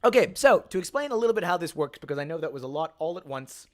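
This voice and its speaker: An Australian man chatting excitably while streaming a game, often gasping and laughing. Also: a little high, quick pace. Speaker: streamer and voice actor. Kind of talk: casual game stream chat.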